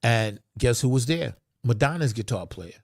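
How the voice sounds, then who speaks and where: A man who plays funk music, telling stories about his career in an emphatic, animated way that rises into excited bursts. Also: mid-range voice, normal speed, creaky, no room sound, clean studio sound. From Long Island, New York. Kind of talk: animated storytelling.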